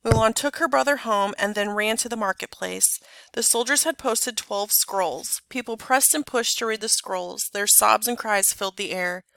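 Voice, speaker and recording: A woman reading a children's story aloud in an expressive, clear narrating voice. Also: medium pitch, moderate pace, no echo. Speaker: storybook reader. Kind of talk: scripted narration.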